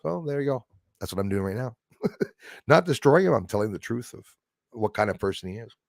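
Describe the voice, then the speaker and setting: Male livestream host, gravelly, dry close sound, rambling and chatty while reading comments. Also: medium pitch, lively intonation, fairly quick, no room sound. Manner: rambling, chatty, jumps between topics. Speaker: channel host. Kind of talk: livestream chat, reading viewer comments aloud.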